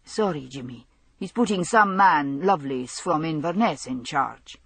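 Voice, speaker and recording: Earnest young policeman, read by a woman narrator, low and husky, audiobook. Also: lively intonation, measured pace, dry recording, full character voice. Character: young Highland police constable, man, easygoing.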